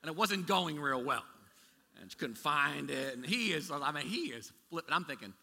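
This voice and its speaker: A man's voice: fairly high pitch, animated, normal speed, sharp tone. A man preaching a sermon as pastor, talking in a conversational way with many restarts and asides. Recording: echoey hall with long reverb.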